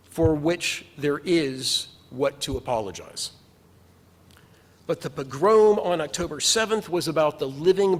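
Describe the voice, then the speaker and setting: A rabbi delivers a sermon in a notably high-pitched male voice, earnest and measured, leaning on emphatic repetition. His words ring out with a long reverb, as in a large synagogue sanctuary. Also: fairly bright tone.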